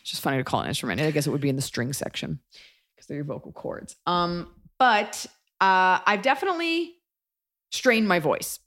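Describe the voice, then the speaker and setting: A woman's voice: fairly low pitch, animated, fairly quick, fairly bright tone. A woman in her thirties hosting a podcast, chatting casually in a rambling, self-deprecating way. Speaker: podcast host and comedian.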